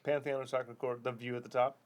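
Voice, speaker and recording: A man co-hosting a podcast, chatting casually, laughing often and telling animated stories. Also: medium pitch, fast. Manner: laughing, animated storyteller, swears freely. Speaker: podcast co-host. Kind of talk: casual chat.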